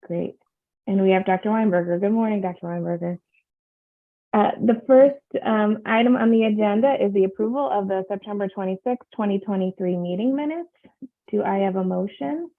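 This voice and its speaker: Woman meeting chair with some vocal fry, measured and filler-heavy, heard over a tinny video-call line. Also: medium pitch.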